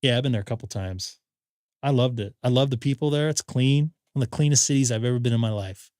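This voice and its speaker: A man's voice: mid-range voice, fast talker, a little mellow, no room sound, studio quality. A man hosting a ham radio live stream, telling rambling stories in casual chat and acting out quotes. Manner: rambling anecdotes with acted-out quotes.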